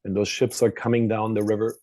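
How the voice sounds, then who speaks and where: A man with a German accent, a cruise line business development director, giving an enthusiastic webinar presentation and often clearing his throat. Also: lowish voice, steady tone, normal speed, dark tone.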